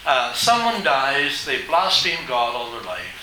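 A man's voice: medium pitch, big pitch swings, measured pace, bright, forceful tone, recorded from a distance, a little hiss or hum. A man preaching a sermon to his congregation, emphatic and asking them rhetorical questions. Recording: echoey hall.

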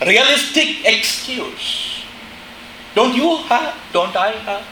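A middle-aged man preaching a sermon in a chapel, impassioned, dropping to a hush and rising to shouts. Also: high voice, expressive, slow pace, reverberant, slight background noise, poor audio. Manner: impassioned, swings between hushed and shouting.

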